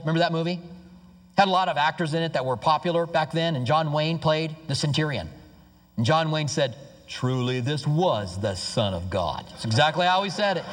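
A man preaching to a congregation in a church sanctuary, his voice pitched a little high for a man. His delivery is emphatic, sinking to hushed low tones and climbing to excited outbursts. A long reverb hangs on his words. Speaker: pastor. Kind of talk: sermon.

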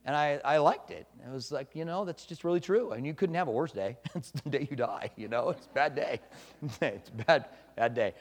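A man preaching to his congregation, his voice sitting a little higher than most men's. He talks conversationally, dropping soft and then pressing points with emphasis. The sound rings out with a long reverb, as in a large hall. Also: expressive, fairly quick. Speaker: pastor. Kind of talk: sermon.

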